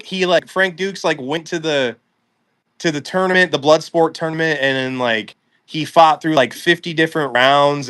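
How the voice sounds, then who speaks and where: A man's voice: fairly high pitch, bright, forceful tone, clean tone. A man co-hosting a casual chat show, giving his opinions and reading out viewer questions. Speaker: co-host.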